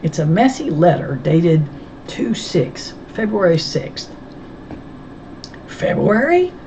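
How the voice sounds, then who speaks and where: A woman's voice: deep voice, lively intonation, slow, dull audio, noisy background. Wry woman reading an audiobook. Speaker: audiobook reader. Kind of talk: first-person audiobook narration.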